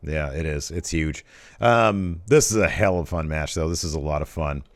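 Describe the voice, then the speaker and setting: A young man co-hosting a wrestling podcast in casual chat, animated and laughing often as he acts out moments from the show. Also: extremely low pitch, moderate pace, no echo. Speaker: podcast co-host.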